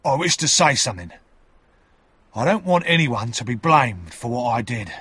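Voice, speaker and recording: A man voicing a rough, desperate convict who speaks loudly and defiantly. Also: mid-range voice, sing-song, normal speed, no echo. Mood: grave. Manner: loud, forceful and defiant. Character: rough desperate male convict, fierce and bitter.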